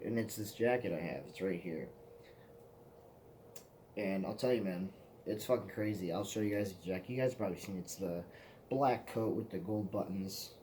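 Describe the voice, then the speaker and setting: Low-voiced man rambling a crude story. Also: warm tone, slight background noise. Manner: rambling, profane, laughing at his own stories. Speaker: vlogger. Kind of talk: casual storytelling vlog.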